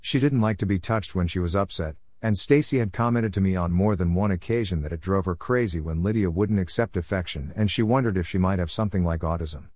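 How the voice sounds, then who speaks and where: A man reading a family story aloud in the first person, in a steady, even storytelling manner. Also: low voice, fairly quick, few pauses, no room sound, studio quality. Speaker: audiobook narrator.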